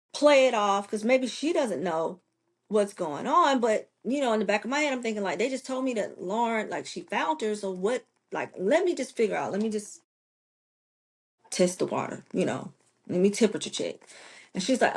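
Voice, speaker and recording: Woman, forties, raspy, emotional personal storytelling, podcast host. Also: medium pitch, normal speed. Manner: emotional, acts out quoted voices.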